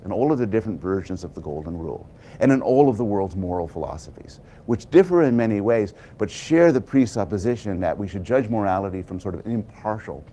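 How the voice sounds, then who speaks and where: A man giving a prepared public talk, telling a story with animated delivery and dramatic pauses. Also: lowish voice. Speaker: public speaker.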